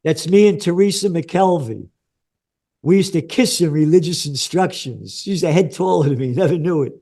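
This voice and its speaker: A man's voice: fairly high pitch, moderate pace, gravelly, dark tone. A man in his seventies with a New York accent, a guest in an interview who talks bluntly and emphatically and swears freely. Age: 70s. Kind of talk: conversational interview.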